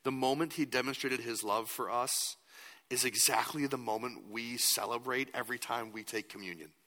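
A man's voice: medium pitch, moderate pace, bright, forceful tone, long reverb tail. A man preaching a sermon as a pastor, earnest and at times emphatic.

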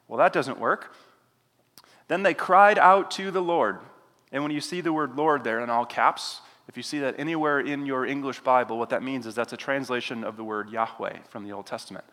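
A man delivers an expository sermon and retells the scene with lively voiced asides. His voice is bright and forward, carried by the long reverb of a church sanctuary. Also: medium pitch, moderate pace. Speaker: preacher.

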